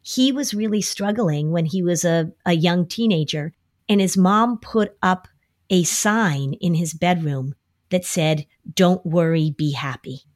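A woman's voice: fairly low pitch, expressive, measured pace. A woman explaining an approach to anxiety on a podcast in a conversational way, often acting out worried voices as quotes. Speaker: anxiety expert.

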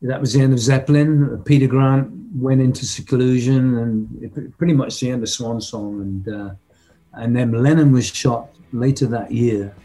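A man's voice: medium pitch, steady tone, normal speed, mellow. An older man telling a story in conversation as a rock drummer guest, reminiscing with emotion and humming drum rhythms.

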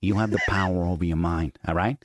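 A man voicing his gruff older Italian-American father, commanding like a crime boss, with an Italian-American accent. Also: low-pitched, quick pace, slight background noise, pitched below the performer's own voice, lightly acted. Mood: lecturing. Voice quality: blunt, commanding, swings from calm to loud.

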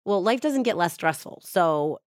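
A woman's voice: lowish voice, expressive, moderate pace, no room sound, studio quality. A woman podcast host telling a true crime story in a casual, chatty way, with frequent "like".

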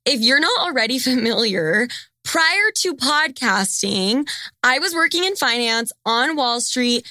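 A woman's voice: on the high side, expressive, a little slow, bright, forceful tone, dry recording, clean studio sound. A young woman hosting a podcast, chatting in a blunt, profane and teasing way. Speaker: podcast host. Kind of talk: casual podcast chat.

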